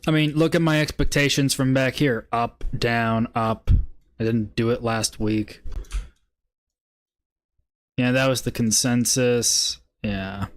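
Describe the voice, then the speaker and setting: A man's voice: medium pitch, slow pace, long pauses. A man hosting a casual trading live stream, laid-back and muttering, breaking into swearing laughter.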